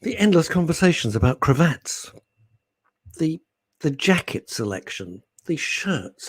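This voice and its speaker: A man's voice: fairly high pitch, big pitch swings, measured pace, husky, no room sound. A middle-aged man, hosting live talk radio and reading out listener comments in a playful, teasing way. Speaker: radio show host.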